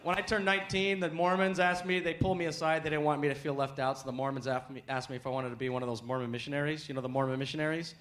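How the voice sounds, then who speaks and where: A man from the United States doing a stand-up comedy set with punchy, animated delivery and sudden shouts, on stage before a live audience. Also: fairly high pitch, quick pace. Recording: live show with loud crowd and noise.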